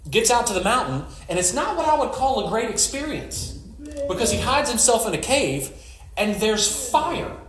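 Speaking at a normal pace, a pastor gives a laid-back, conversational sermon, weaving scripture into stories full of wisecracks and asides. His voice is slightly high with wide pitch swings, and crowd noise mixes with a roomy echo.

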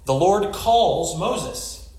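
A man's voice: sits high, lively intonation, drawn-out words, darkish tone, reverberant. A male pastor giving a conversational sermon, retelling scripture with jokes and storytelling asides.

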